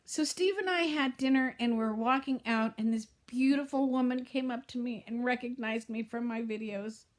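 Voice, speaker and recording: A middle-aged woman vlogging to camera in a heartfelt, rambling way that often trails off and restarts. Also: fairly high pitch. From Southern California. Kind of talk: casual talk to camera.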